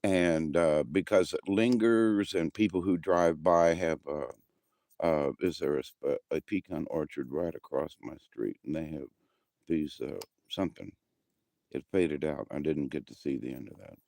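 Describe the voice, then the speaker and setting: A man's voice: a bass voice, unhurried, gravelly, a little mellow, no room sound, studio quality. A man, chatting casually to a live audience outdoors at night in a folksy, meandering way. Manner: folksy and meandering, with frequent restarts. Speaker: livestream host. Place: outdoors at night by his house. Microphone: handheld camera.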